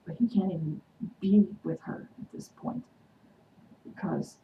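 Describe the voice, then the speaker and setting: Gravelly woman recapping a TV episode. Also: on the low side, unhurried, lo-fi sound. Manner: chatty, excited, acts out quotes. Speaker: fan vlogger recapping an episode. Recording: echoey room, distant mic, noisy.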